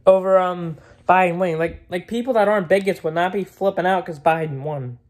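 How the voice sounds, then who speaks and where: A man's voice: high voice, fairly quick. A man vlogging in a casual, rambling rant, blunt and opinionated, repeating himself and swearing freely.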